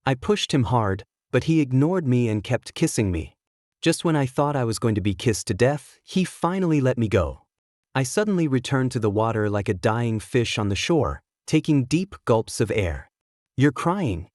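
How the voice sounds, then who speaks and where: A man with a mid-range voice narrates a first-person romance story aloud at normal speed, in a steady, scripted reading. The recording is close and dry, with no room sound.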